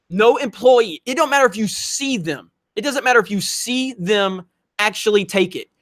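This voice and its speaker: High-voiced man telling stories on stream. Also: a bit bright. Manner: profane, storytelling, reads out viewer messages. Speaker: livestream host. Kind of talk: casual livestream chat.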